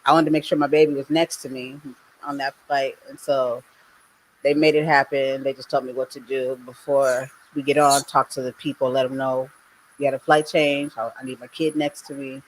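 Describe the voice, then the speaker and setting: A woman's voice: rumbling low, little pitch movement, normal speed, a little hiss or hum, rough recording. A middle-aged woman hosting a podcast, telling a personal story in casual chat and laughing often. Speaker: podcast host.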